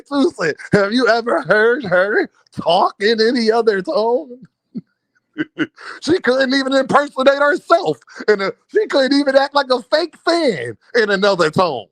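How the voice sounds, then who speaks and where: A man riffs with his livestream chat, joking, swearing and laughing as he goes. His voice sits high and swings widely in pitch, and the sound is dry and close, with no room in it. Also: unhurried, no room sound. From Philadelphia. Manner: animated, joking, profane, laughs often. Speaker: boxing livestream host. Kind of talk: casual livestream banter with chat. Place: home streaming setup.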